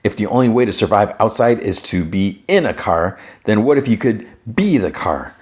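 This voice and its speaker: A man's voice: on the low side, animated, moderate pace, a little mellow, close to an everyday voice. A man voicing a smug, eccentric male scientist, talking in a self-important, defensive way. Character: smug eccentric male scientist who builds car people.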